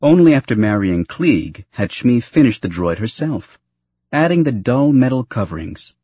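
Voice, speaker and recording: Husky-voiced male story narrator. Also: mid-range voice, normal speed, no room sound. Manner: expressive storytelling. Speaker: audiobook narrator. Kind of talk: scripted narration.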